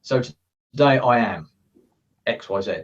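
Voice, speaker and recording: A man's voice: mid-range voice, measured pace. Distant, muffled man coaching earnestly. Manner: earnest, acts out quoted thoughts. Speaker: guest, coach. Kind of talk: casual interview chat. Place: his office.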